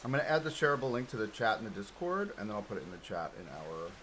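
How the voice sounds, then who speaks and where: During a casual live stream where he plays a game, a man talks fast with big pitch swings in a voice on the low side. He's easygoing, self-deprecating, and laughs frequently, speaking close to a desk mic in front of him at home against a noisy background.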